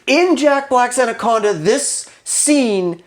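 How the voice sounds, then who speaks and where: A man's voice: extremely high pitch, animated, slow. Picture a male actor chatting as a guest on a movie review show. He sounds enthusiastic, and he keeps quoting and mimicking lines from the film as he talks. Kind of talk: casual movie review chat.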